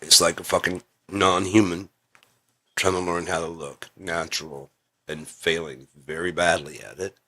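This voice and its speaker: Deep-voiced man rambling and coughing. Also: steady tone, unhurried, pushed and bright. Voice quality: frequent coughing. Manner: rambling, swears, coughs often, acts out quotes. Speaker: video creator. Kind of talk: rambling monologue.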